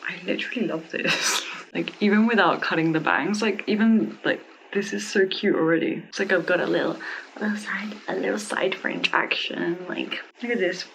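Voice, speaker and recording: A woman vlogging a casual product review at home, gushing and excitable, with many "like" fillers and frequent giggles. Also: fairly low pitch, moderate pace, vocal fry, a little hiss or hum, poor audio. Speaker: beauty vlogger reviewing a wig.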